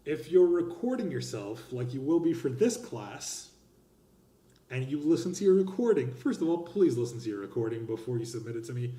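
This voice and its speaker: Guy lecturing speech class, really expressive, mid voice, kinda echoey room. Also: mid-range voice, normal speed. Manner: emphatic and expressive, lively gestures. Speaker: college instructor. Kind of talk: recorded lecture on speech grading.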